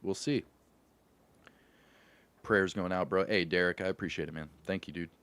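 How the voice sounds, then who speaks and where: A man's voice: sits low, fairly even intonation, moderate pace, fairly bright tone, clean tone, no room sound. A man from Louisville hosting a gaming livestream, greeting his chat in an upbeat, slangy way and laughing often. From Louisville, Kentucky. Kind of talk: casual livestream chat with viewers.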